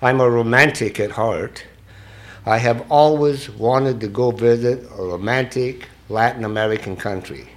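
A Scottish man tells his story to a recovery meeting, cursing freely and laughing at his own misadventures. His voice sits at an ordinary middle pitch. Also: unhurried. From Scotland. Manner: profane, joking, chuckling at his own stories. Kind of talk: confessional storytelling to an audience.

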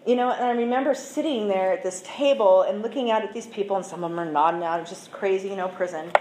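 A woman's voice: medium pitch, fast, darkish tone. A woman giving a candid, earnest personal testimony as a recovery speaker, talking plainly with fillers. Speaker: recovery speaker sharing her story. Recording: echoey room with faint noise.

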